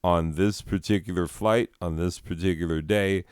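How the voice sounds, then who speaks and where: A man's voice: deep voice, steady tone, moderate pace, darkish tone, smooth, dry recording, studio quality. A man telling a rambling, profane story in casual podcast chat, chuckling and meandering as he goes. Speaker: comedy podcast host.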